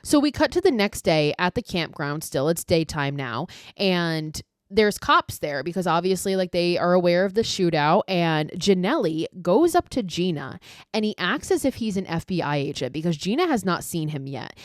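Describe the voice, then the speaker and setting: A woman's voice: lowish voice, very animated, normal speed, no echo, studio quality. A woman hosting a podcast, recapping a film in a chatty, casual way, swearing freely and saying "like" often. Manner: chatty, profane, heavy use of "like". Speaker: podcast host.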